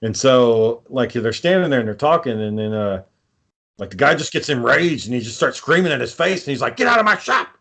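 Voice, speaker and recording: A man's voice: mid-range voice, lively intonation, fairly quick, a bit bright. Male podcast co-host, loose profane storyteller, ordinary mid-range voice. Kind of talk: casual chat.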